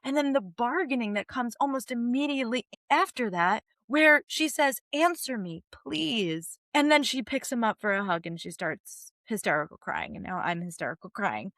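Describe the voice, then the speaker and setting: A woman's voice: a little high, animated, moderate pace, few pauses, fairly bright tone, no room sound, clean studio sound. A young woman co-hosting a podcast, giving a chatty, earnest TV recap with lots of "like" and "you know". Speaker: podcast co-host. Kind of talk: casual TV recap commentary.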